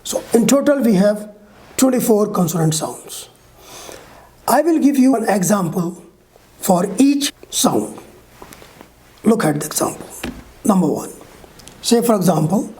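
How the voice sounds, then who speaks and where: Slow, mellow-voiced woman teaching pronunciation. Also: mid-range voice, animated. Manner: slow, deliberate, models each sound with examples; checks in with the learner often. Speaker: English teacher. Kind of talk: pronunciation lesson.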